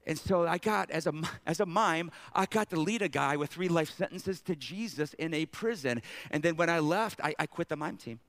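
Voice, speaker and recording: High-voiced animated male pastor preaching. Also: normal speed, few pauses, dry recording. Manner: animated, joking asides to the congregation. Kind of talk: sermon.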